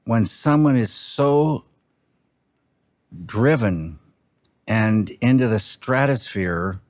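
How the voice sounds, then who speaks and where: A film director talking in an interview, thoughtful and halting, breaking off words as he muses. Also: medium pitch, expressive, a little mellow, dry recording, studio quality. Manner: slow, halting, musing, with broken-off words. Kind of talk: reflective interview talk.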